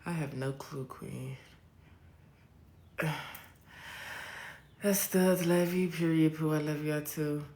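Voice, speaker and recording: A young woman live streamer chats slowly and bluntly, all sass and swearing. Her voice carries a gravelly fry, and the room around her rings with echo. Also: low-pitched, fairly even intonation, warm tone. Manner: blunt, profane and sassy, drawn-out repeats. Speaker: livestream host. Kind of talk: casual live-stream chat, reading viewer comments. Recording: roomy echo.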